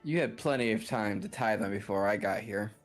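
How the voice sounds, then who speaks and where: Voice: medium pitch, fairly quick, soft background music. Matter-of-fact tabletop player. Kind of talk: casual tabletop play.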